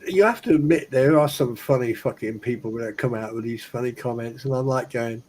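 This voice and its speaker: A man's voice: mid-range voice, brisk, a little mellow, a little hiss or hum. A man co-hosting a livestream in casual banter, crude and joking, laughing often. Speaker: livestream co-host.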